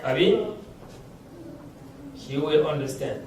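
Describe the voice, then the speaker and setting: A man teaches a language class, in a fairly high voice and at a slow, patient pace. He chuckles often as he explains. His voice rings through a very echoey classroom and is picked up from a distance, with faint noise behind. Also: expressive, darkish tone. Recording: very echoey room, mic far off.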